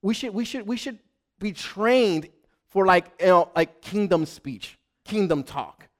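A man preaching a sermon as pastor, animated, acting out little voices in his examples, with frequent restarts. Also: high voice, measured pace.

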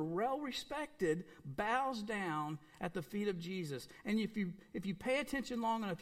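A man preaching a sermon, earnest and emphatic, repeating phrases and dropping suddenly to a soft, quiet voice. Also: high-pitched. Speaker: pastor.

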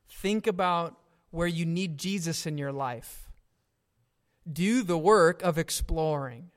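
Slow, high-voiced preaching man. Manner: earnest, deliberate preaching with emphatic questions. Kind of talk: sermon.

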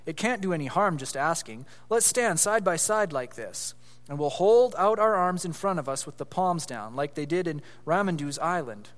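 Guy reading an earnest bossy schoolboy, solemn, voice a bit high, hall echo. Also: lively intonation, moderate pace, lightly acted.

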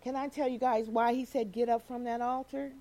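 A woman preaching a sermon, animated and laughing as she acts out quoted voices. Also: a little high, brisk.

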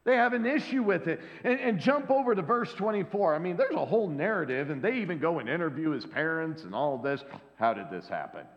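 A pastor preaches a sermon in a high, brisk voice with few pauses, lively as he acts out the voices of the people in the scripture story. The recording is dull and lo-fi, with long hall reverb.

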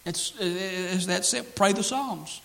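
A man's voice: sits high, takes it slowly, creaky, bright, forceful tone, low-quality recording. A man preaching a sermon as pastor, earnest and repetitive, quoting scripture and stressing key phrases.

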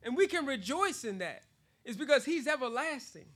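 High, bright-voiced preacher man. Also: normal speed. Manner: animated, laughs often between phrases, repeats words for emphasis. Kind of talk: sermon.

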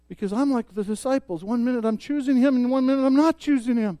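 High-voiced guy preaching, gets loud then drops real soft, dry close sound. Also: quick pace, hardly any pauses, no echo. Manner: emphatic preaching, rising loud on key points and dropping soft. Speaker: pastor. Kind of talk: sermon.

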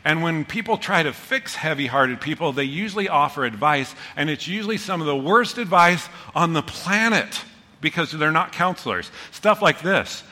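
A man preaching a sermon as a pastor, animated and excitable, rushing ahead in bursts and then reining himself in. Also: fairly high pitch, in a large hall.

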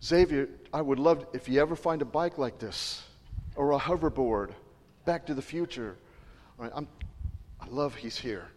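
A male pastor preaches to his congregation in a loose, chatty way, wandering off on tangents and tossing questions to the pews. His voice sits at an ordinary pitch and carries a long reverb from the large sanctuary. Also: moderate pace, darkish tone. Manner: conversational, digressive, joking with the congregation. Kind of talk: sermon.

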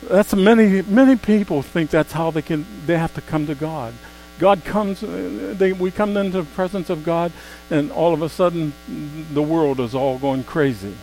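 Guy preaching a sermon, goes hushed then loud, faint hum under it. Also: on the high side, faint music behind, poor audio. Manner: swings from soft, slow asides to loud emphatic exclamations.

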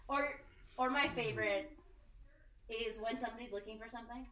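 A woman giving a casual, animated sermon, joking and acting out the people she quotes. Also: on the high side, brisk, a crowd in the background. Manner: animated, jokey, acts out quoted voices. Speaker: preacher. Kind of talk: conversational sermon. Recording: echoey room, mic at a distance.

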